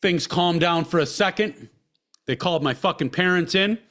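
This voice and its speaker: A man's voice: high voice, moderate pace, a bit bright. A man hosting a podcast, telling a personal story in a heated, blunt way with constant swearing. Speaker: podcast host.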